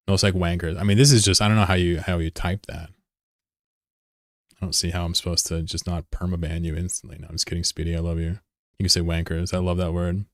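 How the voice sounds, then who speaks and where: A low-voiced American man chats casually with his live-stream viewers, rambling, joking, and responding to chat messages. The recording is dry with clean studio sound.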